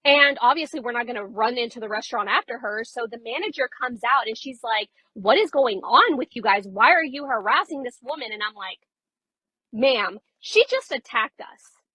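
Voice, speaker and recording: Young woman, casual storytime, animated retelling, bright husky voice, dry close sound. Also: on the high side, no echo, rough recording. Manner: animated retelling, quoting others, rising when upset.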